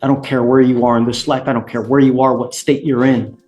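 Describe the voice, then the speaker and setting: A man's voice: medium pitch, flat delivery, brisk, a little mellow, soft background music. A man, a judge sternly warning defendants at a courtroom hearing.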